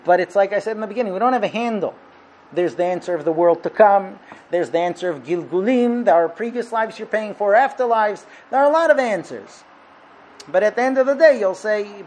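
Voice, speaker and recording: A man teaching a Torah lesson, explaining with a parable and acting out its dialogue with animated delivery. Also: high-pitched, fairly quick, rough recording. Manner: animated, acts out dialogue in the story. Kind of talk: lecture with parable storytelling.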